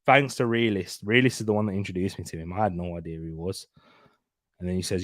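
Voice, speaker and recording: The young watchalong host has a low but slightly bright voice and talks fast, chatting, bantering and laughing often as he gives casual commentary on a live football match. The recording is dry and of studio quality.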